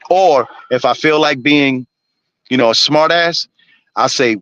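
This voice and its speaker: Blunt, forceful man ranting on a stream. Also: a little high, measured pace, dry recording, low-quality recording. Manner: blunt, preachy, swears constantly. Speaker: live streamer. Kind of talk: profane ranting monologue.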